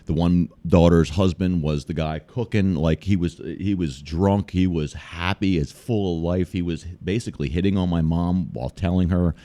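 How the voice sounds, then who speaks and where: A man's voice: deep voice, moderate pace, few pauses, dark tone. An American man telling a trip story in casual, profane podcast chat. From United States. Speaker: guest storyteller.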